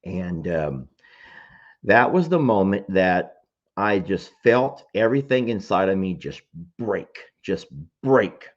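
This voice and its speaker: A man's voice: low-pitched, animated, takes it slowly, muffled recording. A man telling a story to his audience in casual chat, emotional and self-deprecating.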